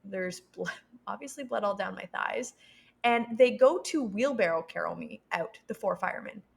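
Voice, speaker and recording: A young adult woman, a podcast guest, telling a personal story with lively quoted voices and frequent laughs. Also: medium pitch, normal speed, creaky, slightly rough. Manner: animated, acts out quoted voices; laughs between sentences.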